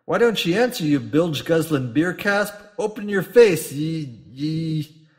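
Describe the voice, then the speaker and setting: A man's voice: mid-range voice, moderate pace, darkish tone, natural voice. A man voicing a brawling, volatile older pirate captain who bellows and swears French oaths. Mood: furious.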